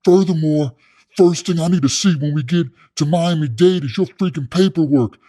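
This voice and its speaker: A man putting on a loud cocky prison coach. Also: on the high side, moderate pace, pitched above the performer's own voice, natural voice. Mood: bossy boasting. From California. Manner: loud, aggressive, boastful, calls others soft boy. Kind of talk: comedic impression.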